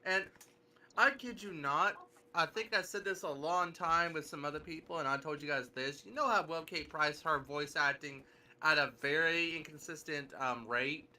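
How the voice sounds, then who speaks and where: A man's voice: fairly high pitch, normal speed, sharp tone. A man streamer chatting casually, rambling with lots of restarts and filler words. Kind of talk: casual chat.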